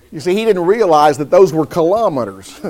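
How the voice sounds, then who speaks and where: Slow, high-voiced preacher. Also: male voice, darkish tone. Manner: slow, deliberate, calls on listeners by name. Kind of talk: sermon.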